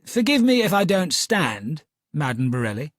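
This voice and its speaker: A man voicing a cool, cordial Victorian detective who speaks with calm superiority. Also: a little high, normal speed, dry recording, clean studio sound.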